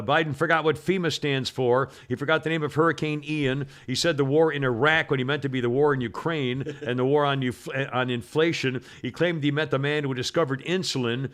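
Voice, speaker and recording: A man hosting a podcast, chatting about the news in a rambling, halting way with frequent laughs. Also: fairly high pitch, a bit bright. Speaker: podcast host. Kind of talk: casual political chat.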